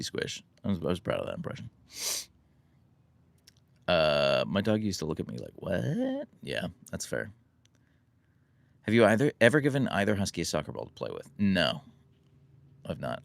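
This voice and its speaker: An American man hosting a relaxed live stream, reading and answering chat questions in a rambling, self-deprecating way. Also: sits low, fairly quick, creaky, pauses often, dry recording. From United States. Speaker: livestream host answering chat.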